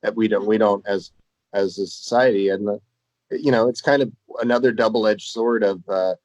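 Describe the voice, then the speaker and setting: A man with a low voice muses in a thoughtful way during a casual chat, leaning on fillers as he thinks. His voice sounds dry, with no room echo. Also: steady tone, normal speed, a little mellow. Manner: thoughtful, musing, lots of fillers.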